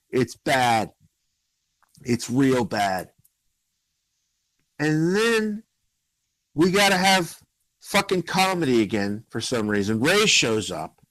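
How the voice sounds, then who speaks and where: A man's voice: mid-range voice, no room sound, poor audio. A man co-hosting a casual podcast, ranting about a film with swearing and acted-out scenes. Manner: animated, swearing, acts out scenes. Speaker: podcast co-host. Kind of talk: casual movie-review chat.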